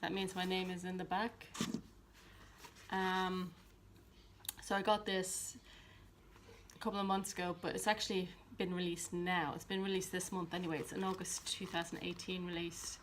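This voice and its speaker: A woman's voice: fairly low pitch, flat delivery, normal speed, a little hiss or hum. A woman chatting casually about her books at home by her shelves, talking in a rambling way with many ums and restarts. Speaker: book vlogger. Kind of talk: casual chat.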